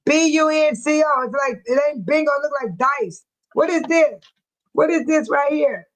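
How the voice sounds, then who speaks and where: Woman host, chatty and repetitive, talking to viewers live; voice sits a bit high. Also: poor audio. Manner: repetitive, chatty, quick to laugh. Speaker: livestream host. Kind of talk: casual live chat with viewers.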